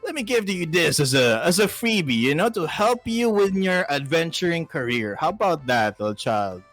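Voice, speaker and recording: A man voicing a bearded male dwarf warrior who is gruff at first but turns doting and kind. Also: a little high, sing-song, moderate pace, fairly bright tone, dry recording, faint music behind, voice pushed up.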